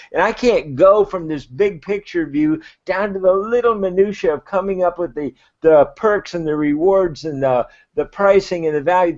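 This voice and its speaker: A man giving enthusiastic, rambling crowdfunding advice on a live web show, talking fast and getting carried away. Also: on the high side. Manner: excited, rambling, self-described natural enthusiast. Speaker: crowdfunding adviser. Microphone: video call. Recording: lo-fi video call audio.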